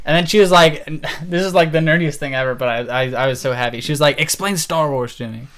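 A man in his twenties, a podcast co-host, telling a story in casual chat, animated and laughing often. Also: fairly high pitch, fast. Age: 20s.

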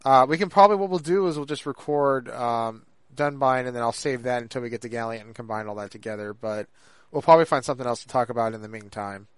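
A man co-hosting a podcast in casual chat, rambling and halting with lots of fillers and restarts. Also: medium pitch, clear, resonant tone, dry recording. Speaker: podcast co-host.

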